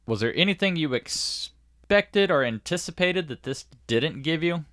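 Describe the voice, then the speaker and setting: Joking male co-host with lively pitch. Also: measured pace, no echo, studio quality. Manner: joking, asks questions. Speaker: podcast co-host. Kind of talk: casual chat.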